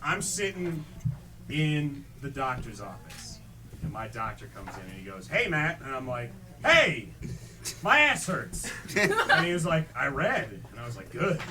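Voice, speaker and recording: A young man doing stand-up comedy, telling stories in a deadpan way and acting out both sides of each exchange. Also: mid-range voice, normal speed, background noise. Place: small theatre stage. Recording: distant mic with audience laughter.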